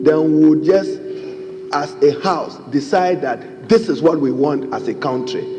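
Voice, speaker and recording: Emphatic Ghanaian man addressing parliament. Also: on the high side. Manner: emphatic, formal, keeps addressing the Speaker. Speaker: member of parliament. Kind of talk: parliamentary debate speech. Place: large parliament chamber. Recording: long chamber reverb, faint background noise.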